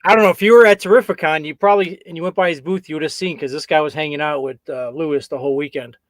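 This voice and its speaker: A man's voice: a little high, steady tone, very fast, no echo, clean studio sound. A man co-hosting a casual live-stream chat, telling a story and rambling with stops, restarts and frequent uh's. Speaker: co-host, screen printing business owner.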